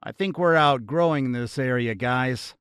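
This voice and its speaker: A big, relaxed fantasy warrior, as the narrator voices him, musing casually to his party in an easygoing tone. It sounds dry and close-miked. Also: mid-range voice, unhurried, clear, resonant tone, no room sound, lightly acted.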